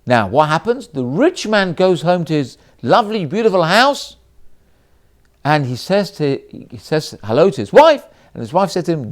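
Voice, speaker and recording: A rabbi telling a story in a sermon, with a voice that sits high for a man. His pitch swings widely as he narrates in a lively way and acts out each character. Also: moderate pace.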